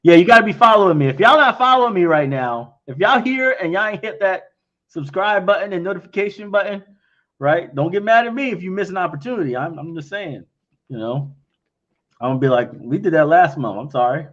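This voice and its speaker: A man's voice: high voice, lively intonation, brisk, a bit bright, highs cut off. A man answering investor questions in a casual livestream, talking bluntly and frankly, often acting out both sides of conversations. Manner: blunt and frank, acts out quoted exchanges.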